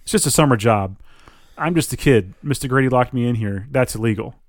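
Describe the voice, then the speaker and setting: A man's voice: mid-range voice, a little fast, no echo, clean studio sound, lightly acted. A man reading aloud as a panicky young kid on a summer job, protesting with his voice rising. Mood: defiant.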